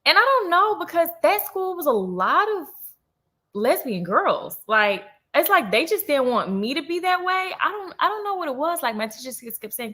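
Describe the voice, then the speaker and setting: A woman in her twenties hosting a livestream, telling a personal story in a casual, animated way, full of slang and asides to her viewers. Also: high-pitched, normal speed. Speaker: livestream host.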